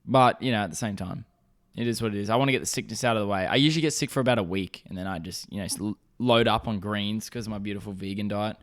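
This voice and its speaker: A man's voice: fairly low pitch, fast talker. Young guy, solo podcast host, loose rambling delivery, heavy swearing, a little sore-throated. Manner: rambling, swears often, lots of fillers. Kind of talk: casual solo podcast monologue.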